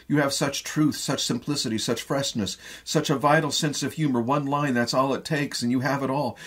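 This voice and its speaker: A man reading the part of a possessive, flattering aging actress, pleading softly and intimately with a husky voice. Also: mid-range voice, lightly acted.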